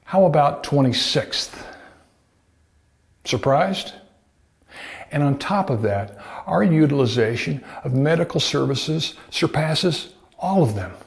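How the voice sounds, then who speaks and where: A man's voice: fairly high pitch, lively intonation, takes it slowly, vocal fry. A man, a doctor, gives a scripted health talk to camera in a folksy way, full of rhetorical questions. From United States. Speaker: doctor presenting a health video.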